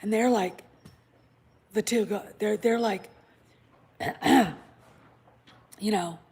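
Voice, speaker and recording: Breathy, blunt woman ranting in a vlog. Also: mid-range voice, steady tone, takes it slowly, a little mellow. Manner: blunt, profane, conspiratorial asides. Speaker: channel host. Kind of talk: casual vlog rant. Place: home with a puppy nearby.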